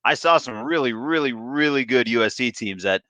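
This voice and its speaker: A man's voice: mid-range voice, expressive, normal speed, sharp tone, no room sound. A man co-hosting a sports podcast, talking casually and rambling with frequent restarts. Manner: rambling, self-interrupting, restarts often. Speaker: podcast co-host.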